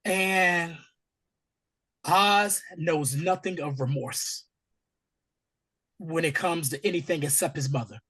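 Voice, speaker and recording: Husky, hoarse man recapping a TV episode. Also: fairly high pitch, slow pace, pauses often. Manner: animated, acts out scenes in character voices. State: hoarse from allergies. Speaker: podcast host. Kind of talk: casual TV episode recap chat.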